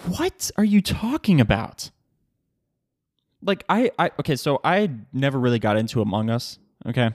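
A man's voice: mid-range voice, sing-song, normal speed, no echo, clean studio sound. A young man hosting a casual solo podcast, rambling with swearing and frequent laughter, recorded at home on a podcast mic. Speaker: podcast host. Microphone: podcast microphone.

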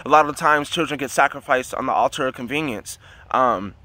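A man's voice: medium pitch, brisk, sharp tone, no room sound. A man telling a long story in a casual, rambling way, with many fillers and restarts. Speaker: dream teller.

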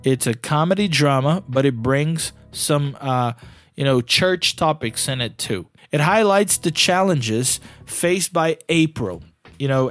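Chatty podcast host, slightly high voice. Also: male voice, no room sound. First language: not English. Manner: conversational, heavy use of "you know". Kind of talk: casual solo podcast talk.

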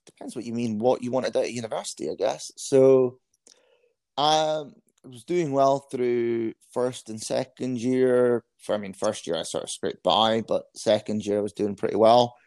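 A man's voice: medium pitch, moderate pace, a little mellow, no echo. A man in his thirties with a Scottish accent, a guest telling frank, self-deprecating stories in a casual interview. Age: 30s.

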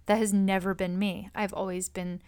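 A woman giving an earnest, reflective spiritual monologue, speaking gently and sometimes dropping into a soft whisper. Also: medium pitch, flat delivery, moderate pace, smooth.

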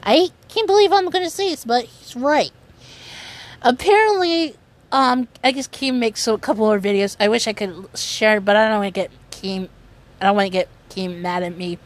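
A woman giving casual commentary on online news in an earnest, halting way, often restarting her sentences. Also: a little high. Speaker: commentary vlogger.

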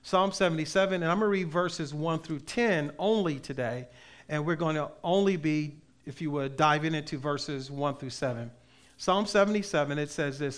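Man, pastor, sermon, emphatic preaching, slightly high-pitched, swings from loud to soft. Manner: reads scripture aloud slowly.

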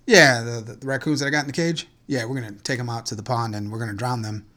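A man's voice: medium pitch, steady tone, quick pace, sharp tone, close to an everyday voice. A man acting out a deranged male biology teacher who talks in an offhand, matter-of-fact way.

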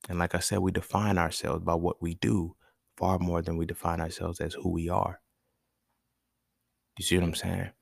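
Young male podcast host, deep gravelly voice, dry close sound, loose profane storytelling. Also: level tone, normal speed, pauses often, no room sound. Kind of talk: casual monologue.

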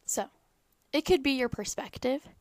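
A woman's voice: high-pitched, moderate pace, no room sound. Earnest young woman, dry close sound. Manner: earnest, rambling, conversational. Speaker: faith vlogger. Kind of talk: personal faith talk to camera.

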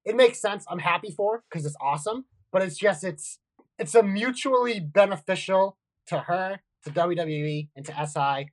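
A woman co-hosting a casual wrestling podcast, animated and blunt, with quick asides and casual swearing. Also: fairly low pitch, dry recording, poor audio. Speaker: podcast co-host.

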